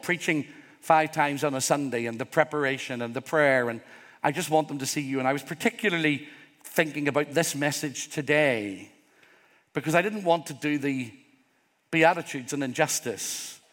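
A man's voice: fairly high pitch, moderate pace, a bit bright. A middle-aged man preaching a sermon as pastor, earnest and openly vulnerable, rising to emphatic peaks. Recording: long hall reverb.

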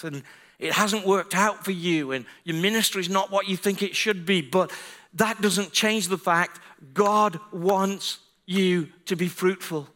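A man's voice: sits high, bright, forceful tone. A man preaching a sermon as a pastor, telling a story in a chatty, self-deprecating way and building to fervent emphasis.

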